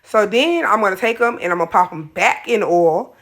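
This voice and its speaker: A woman's voice: mid-range voice, animated, brisk, a bit bright. Sassy, chatty woman cooking at home. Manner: chatty, sassy, talks to viewers as y'all, honey, child. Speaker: cooking vlogger. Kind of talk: casual cooking tutorial. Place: home kitchen.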